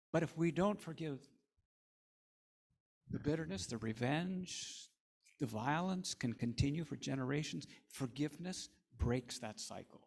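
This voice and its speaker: A male pastor delivering a sermon in an earnest, storytelling way. His voice sits a bit high and carries a gravelly rasp.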